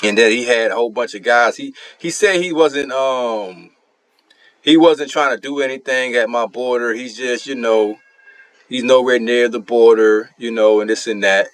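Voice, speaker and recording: A man's voice: medium pitch, moderate pace, no echo. A man giving casual commentary on a strategy game, ranting in an indignant, mocking way about another player.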